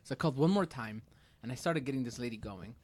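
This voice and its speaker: A man's voice: medium pitch, animated, fast, a little mellow. A young man co-hosting a podcast, telling loose, profane stories in casual chat. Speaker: podcast co-host.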